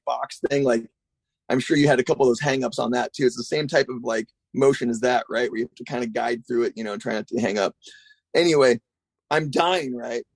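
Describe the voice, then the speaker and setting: A man, a guest skateboarder, telling a long story in a rambling, profane, animated way. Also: mid-range voice, dry recording. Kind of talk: casual storytelling.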